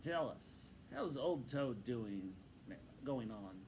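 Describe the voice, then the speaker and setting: A man voicing a kindly, gruff old male badger in a storybook read-aloud, speaking slowly and heartily. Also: fairly high pitch, wildly swooping pitch, a little hiss or hum, pitched above the performer's own voice, heavily acted. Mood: hearty.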